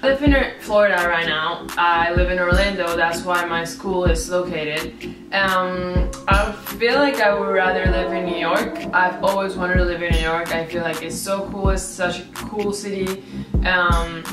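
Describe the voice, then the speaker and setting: This young Venezuelan woman speaks in a lowish, unhurried voice as she tells casual stories to her camera. She's chatty, leans on "like" a lot, and acts out quoted reactions with energy, while a distant mic picks up roomy echo and background music.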